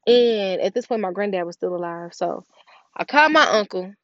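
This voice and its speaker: A woman's voice: mid-range voice, animated, normal speed, fairly bright tone, no echo. A young woman telling a personal story in a casual, emotional way and talking straight to her viewers. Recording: dull, dry recording.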